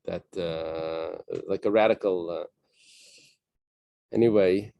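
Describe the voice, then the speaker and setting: A man leading a Talmud study class, reading Aramaic passages and translating them in a casual, halting way with many fillers and restarts. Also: sits low, fairly even intonation, vocal fry, no room sound, dull audio. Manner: casual, thinking aloud.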